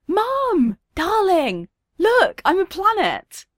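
A woman voicing a gleeful little girl of four and a half, high and excited, in a storybook reading. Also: drawn-out words, no echo, clean studio sound, exaggerated voice. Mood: giddy.

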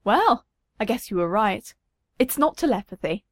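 A gentle young mother speaking softly and warmly, her voice moving freely up and down, as a woman reading the story puts her on. The reading is recorded close and dry, with no room around it. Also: mid-range voice, big pitch swings, normal speed, no room sound. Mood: tender. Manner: soft and warm.

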